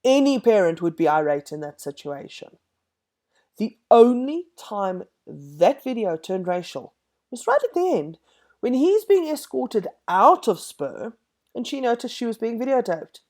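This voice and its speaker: A woman's voice: on the high side, very animated, measured pace, darkish tone. A woman giving an emphatic, indignant opinion vlog, sarcastic at times. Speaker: vlogger.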